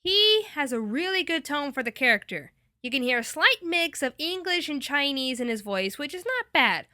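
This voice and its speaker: An enthusiastic woman chats through an anime review in a high, lively, bright voice. The sound is dry and close. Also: moderate pace, no room sound. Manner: enthusiastic and chatty. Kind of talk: casual review.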